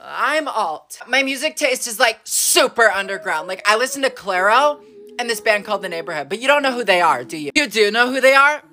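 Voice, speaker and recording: A woman's voice: fairly high pitch, sing-song, fairly quick, pushed and bright. A woman playing a smug, attention-seeking teenage schoolgirl in comedy sketches, talking down to others and bursting into dramatic whines. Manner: condescending, dramatic, whiny outbursts. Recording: music playing behind the voice. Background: music.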